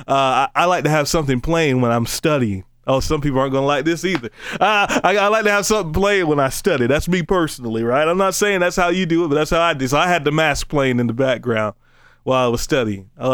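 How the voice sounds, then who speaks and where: A man preaching a casual, conversational sermon, joking between slow, emphatic scripture readings. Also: on the high side, fairly bright tone, smooth, no echo, studio quality.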